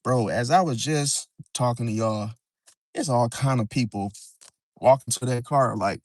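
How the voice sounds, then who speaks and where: A man hosts a casual astrology live stream outside near a parking area, his medium-pitched voice measured in pace and free of room sound. He rambles loosely, leans on "see?" and "bro," and now and then whispers.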